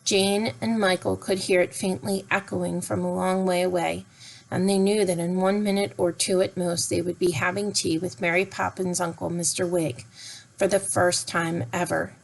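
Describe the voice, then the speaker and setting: A woman's voice: on the low side, flat delivery, normal speed, gravelly, rough recording. Woman reading a storybook aloud. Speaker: narrator.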